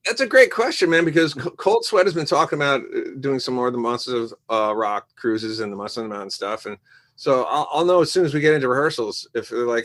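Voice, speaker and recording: A man in a casual podcast interview, telling animated stories about making music. He acts out quoted voices as he goes, and his voice sits at an everyday middle pitch. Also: quick pace. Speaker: musician guest.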